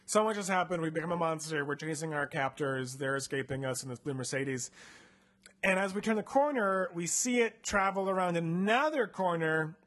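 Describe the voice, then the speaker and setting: Young guy on a comedy podcast, kinda high voice, super chatty, lots of likes and ums. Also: expressive, moderate pace, fairly bright tone. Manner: chatty, full of "like" and "um" fillers, playful. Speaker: podcast host reading a choose-your-path book aloud. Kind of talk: casual comedic retelling of a story.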